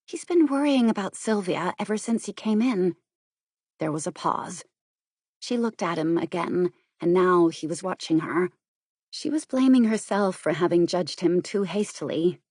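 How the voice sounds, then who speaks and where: Low, dry-voiced woman reading an audiobook. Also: darkish tone, husky, dry recording. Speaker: audiobook narrator. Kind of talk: scripted narration.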